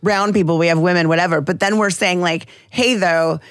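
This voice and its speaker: A woman's voice: on the low side, fairly even intonation, quick pace, no echo, clean studio sound. Candid woman podcast co-host. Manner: candid, emphatic, swears freely. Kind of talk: casual chat.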